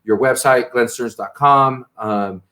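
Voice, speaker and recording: A man's voice: mid-range voice, slow, sharp tone. A man hosting a casual interview, rambling with many restarts and tag questions. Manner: rambling, frequent restarts and "right?" tags. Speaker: interview host.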